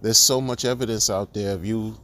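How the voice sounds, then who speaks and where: Exasperated man ranting, low voice. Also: fairly even intonation, a little fast, fairly bright tone, slight background noise. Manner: exasperated, repetitive restarts, sarcastic rhetorical questions. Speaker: crypto commentator. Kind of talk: ranting monologue.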